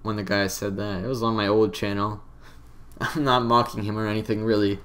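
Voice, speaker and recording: A man's voice: on the low side, level tone, normal speed, a bit bright. A young man giving casual, rambling commentary over his own game footage, offhand and self-deprecating. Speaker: let's play commentator.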